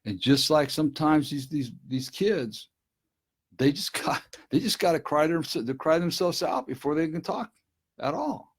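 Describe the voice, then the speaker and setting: A man's voice: a little high, animated, measured pace, slightly rough. A middle-aged man speaking earnestly and directly to listeners on a casual live stream from his desk at home. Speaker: recovery speaker.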